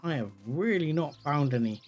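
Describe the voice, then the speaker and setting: A man giving let's play commentary, chatting calmly and then yelling in panic. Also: fairly high pitch, normal speed, soft background music. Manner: excitable, swings from calm chatter to yelling in panic. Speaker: gaming video creator.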